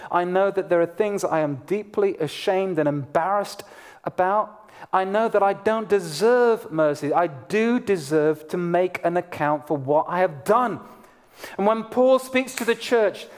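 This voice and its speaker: A man's voice: high voice, a little slow. A middle-aged man, a pastor, preaching an emphatic sermon to his congregation. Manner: emphatic preaching with rising and falling intensity.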